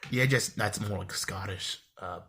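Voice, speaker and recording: This is a young man's low, sharp-toned voice at a measured pace, with slight background noise. Chatting casually at home among his bookshelves, he shows his book collection for a vlog, rambling with fillers and wry asides.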